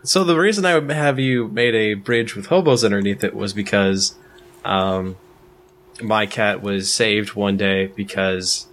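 A man's voice: on the low side, measured pace, a bit bright. A man playing in a tabletop game, eagerly telling his character's backstory in casual chat. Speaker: player.

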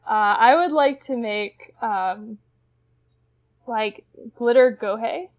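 A woman's voice: fairly high pitch, slow pace, dull audio. A woman playing a tabletop role-playing game, enthusiastic and rambling as she describes her plans. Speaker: player.

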